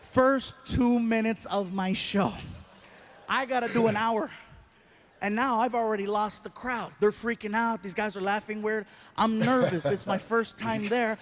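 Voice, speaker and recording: A man with a very high voice tells a stand-up story in an animated way, jumping into the voices of the people in it. Faint ambience sits behind him. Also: slight background noise. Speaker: stand-up comedian.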